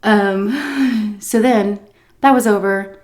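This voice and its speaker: A woman's voice: medium pitch, slow pace, darkish tone. A woman food vlogger telling a story in a chatty, casual way while she eats, often breaking into laughs.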